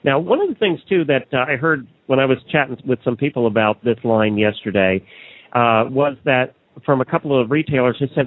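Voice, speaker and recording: A man's voice: medium pitch, animated, fairly quick, no echo. Chatty man hosting radio, phone-like sound. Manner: chatty, joking, fillers like uh. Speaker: radio show host. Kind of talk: live trade-show interview and ad read.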